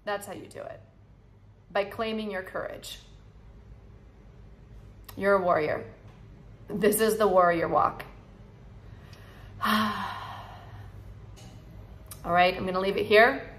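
A woman's voice: medium pitch, fairly even intonation, slow pace, pauses often, fairly bright tone, a little hiss or hum. A woman in her thirties, a sobriety coach, talking straight to her viewers in an earnest, encouraging way and repeating affirmations. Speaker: sobriety coach and channel host. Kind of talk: heartfelt direct-to-camera talk.

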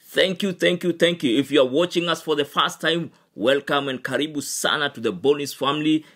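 A man's voice: on the high side, a little fast, fairly bright tone. Upbeat man hosting a family vlog. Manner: playful, laughing, upbeat. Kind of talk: casual couple vlog chat.

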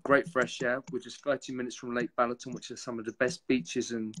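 A man's voice: medium pitch, flat delivery, brisk, a bit bright. A man co-hosting a casual motivational chat, earnest and a bit rambling. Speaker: co-host.

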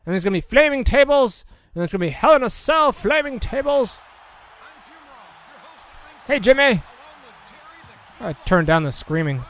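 A young man giving casual, excitable let's play commentary, joking crudely and shouting at the game. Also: high voice, normal speed, long pauses. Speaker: gameplay commentator.

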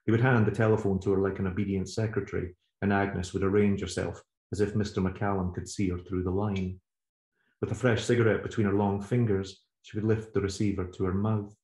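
A man's voice: low-pitched, level tone, fairly quick, a little mellow. Man reading his novel in a roomy echo.

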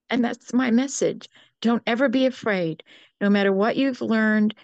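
An older woman telling a personal story as an interview guest, earnest and unhurried, with small restarts. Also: mid-range voice, creaky, a little mellow, dry recording, dull audio.

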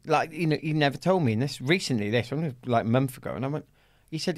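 A middle-aged man with a Welsh accent tells a family story as an interview guest. His voice jumps up and down in pitch as he acts out the people he quotes. He restarts phrases often and talks in a warm, eager rush. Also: animated, fast talker. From Wales. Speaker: guest, athlete.

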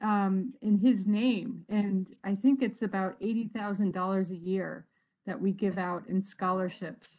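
Brief: woman panel moderator, mid-pitched, halting and thoughtful. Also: flat delivery, a little mellow, poor audio. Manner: hesitant, many ums and restarts. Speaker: director of the international office, panel moderator. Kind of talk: online panel discussion.

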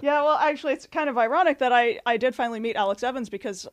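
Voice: mid-range voice, quick pace. A podcast guest in casual chat, chatty and easygoing, with light laughs.

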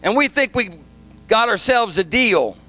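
A male pastor delivers a sermon, moving from a gentle story into emphatic, shouted preaching. His voice sits very high for a man and sounds bright and sharp. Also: animated, unhurried, faint music behind.

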